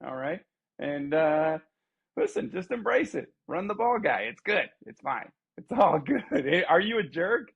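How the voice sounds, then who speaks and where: A man's voice: a little high, sing-song, measured pace, creaky, husky, dull audio. A man bantering as a podcast co-host, teasing his friend in a mock-serious way. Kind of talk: casual banter.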